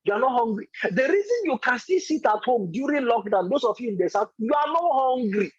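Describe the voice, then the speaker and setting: A man's voice: very high voice, expressive, brisk, slightly rough, dry recording, highs cut off. A man giving an emphatic, repetitive motivational talk as a business coach in an online meeting.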